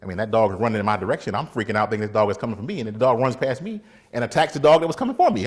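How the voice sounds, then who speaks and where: A man, a defense attorney, giving a casual motivational faith talk, animated, laughing often and acting out little scenes. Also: on the low side, racing.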